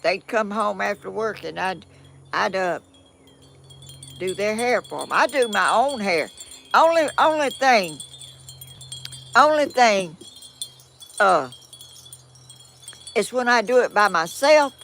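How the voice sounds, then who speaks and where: An older woman with a Georgia Southern accent, talking at an unhurried pace in a rambling, self-deprecating way. Her pitch swings freely up and down, and her tone comes across bright. She sounds like a grandmother sharing a folksy chat. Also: animated, gravelly, a little hiss or hum. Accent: Southern American, Georgia. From southern United States. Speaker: vlogger. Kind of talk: casual chat reading viewer comments.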